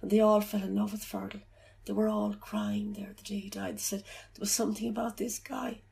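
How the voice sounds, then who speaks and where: Middle-aged mum in an interview, gravelly and halting, soft reflective voice. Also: female voice, medium pitch, flat delivery. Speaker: bereaved mother telling her story. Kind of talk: personal account in an interview.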